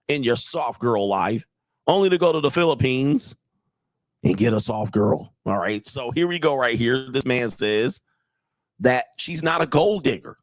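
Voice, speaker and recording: A man in the middle of the male pitch range delivers brash, mocking reaction commentary as a self-styled dating coach. He talks directly to his audience with a blunt edge. The recording is dry, with no room sound. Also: no room sound.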